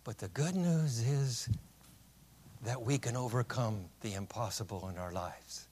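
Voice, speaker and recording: A man preaching a sermon, telling stories with punchlines and swinging between loud declarations and hushed lines. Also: medium pitch, measured pace, slight background noise. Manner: storytelling with punchlines. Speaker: pastor.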